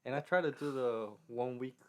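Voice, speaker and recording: A man's voice: mid-range voice, moderate pace, darkish tone, clean tone. A young man co-hosting a casual design podcast, talking in loose stories full of fillers and restarts. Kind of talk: casual chat.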